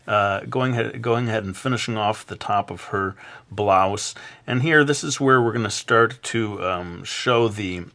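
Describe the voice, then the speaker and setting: A man with a fairly low voice talks viewers through a drawing tutorial. His delivery is relaxed and chatty, often pausing on filler sounds and poking fun at himself. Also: creaky. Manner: relaxed, chatty, frequent "uh" fillers, self-deprecating. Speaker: drawing instructor.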